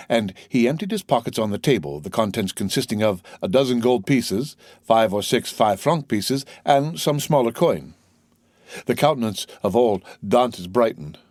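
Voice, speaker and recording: A male audiobook narrator with a mid-range voice that rises and falls with lively expression. The sound is dry and close, free of any room echo. He reads the classic prose in a steady, storytelling manner. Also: medium pitch, moderate pace. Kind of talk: scripted narration.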